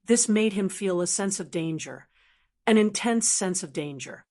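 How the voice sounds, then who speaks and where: A woman's voice: mid-range voice, animated, a little slow, darkish tone. Woman narrating an audiobook. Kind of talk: scripted narration.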